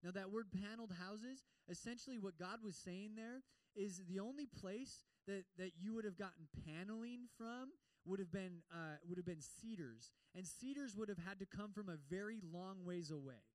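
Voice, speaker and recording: A man's voice: sits high, normal speed, few pauses, no room sound, poor audio. A young man preaching a conversational sermon, acting out quoted voices of God and listeners. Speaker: campus ministry preacher.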